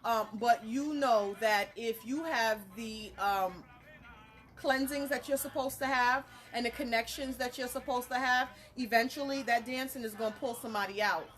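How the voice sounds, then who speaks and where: A woman, a spiritual reader talking casually to her viewers, animated and blunt, laughing through her stories. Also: a little high, moderate pace. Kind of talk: casual live talk to viewers.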